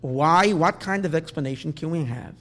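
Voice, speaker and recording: A man teaching a Talmud lesson, halting and restarting often, asking rhetorical questions. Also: a little high, fairly bright tone, in a large hall. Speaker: Torah teacher.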